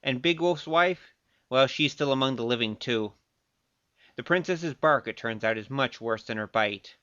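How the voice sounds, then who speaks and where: An actor playing a cocky young male thief who speaks in a wry, playful, quick-witted way, narrating his tale in a radio play. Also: mid-range voice, a bit bright, dry recording, highs cut off, lightly acted. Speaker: narrator and lead.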